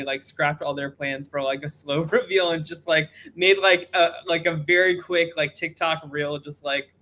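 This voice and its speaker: Male podcast co-host, casual and filler-heavy, bright slightly high voice. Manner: chatty, many fillers and likes. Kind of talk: casual chat.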